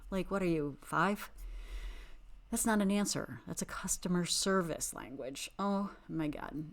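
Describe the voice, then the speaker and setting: A woman hosting a podcast, recapping a reality TV show with sassy, exasperated, animated commentary. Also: fairly low pitch, a little slow. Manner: animated, dramatic emphasis. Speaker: podcast host.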